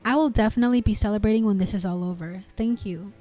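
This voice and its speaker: A woman reads online comments aloud as scripted narration, her voice dark and mellow with a mid-pitched, steady tone. She sounds indignant and expressive, leaning into the outrage of each post. Soft music plays faintly behind her. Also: rapid-fire. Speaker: narrator reading online posts.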